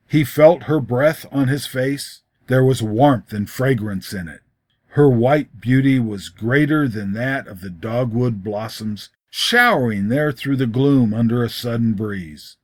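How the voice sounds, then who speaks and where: Slow, expressive male storyteller. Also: medium pitch, no room sound, studio quality. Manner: measured, expressive reading. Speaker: story reader. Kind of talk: storybook narration.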